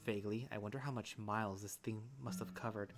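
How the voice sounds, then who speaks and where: A man narrating a visual novel in first person, calm and relaxed, with small restarts. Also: lowish voice, fast talker.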